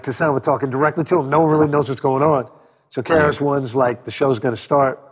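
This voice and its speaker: A man being interviewed as a record producer, telling animated stories, acting out quotes and swearing freely. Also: mid-range voice, breathy edge, in a large hall. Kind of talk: storytelling interview.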